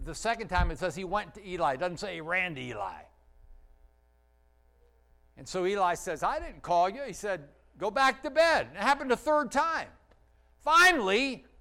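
In this roughly recorded sermon, a male pastor with a high-sitting voice tells stories animatedly. He swings between loud passages and quiet, slow ones and asks the congregation questions.

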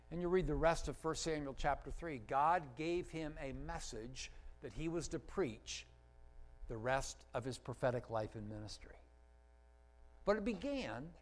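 A man delivers a storytelling sermon as pastor, his medium-pitched voice full of lively emphasis, sometimes loud and sometimes hushed and slow. He questions the congregation, and the audio is rough.

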